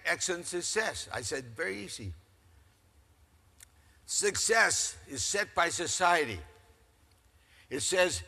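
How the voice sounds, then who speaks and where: Older man, keynote speaker, animated folksy storyteller, higher husky voice, reverberant hall. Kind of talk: storytelling speech. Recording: echoey hall.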